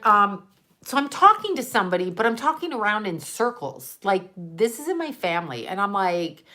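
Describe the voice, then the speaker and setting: A woman talking casually to her livestream viewers. She rambles from one thing to the next with quick asides and frequent laughter, playful and animated throughout. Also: mid-range voice. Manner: playful and animated, jumping between topics. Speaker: livestream host reading viewer comments.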